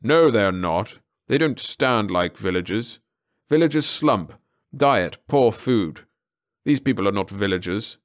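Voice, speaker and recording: A man voicing a stern, shrewd old alien officer in a read-along story, speaking slowly in clipped, commanding lines. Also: on the low side, lively intonation. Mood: suspicious.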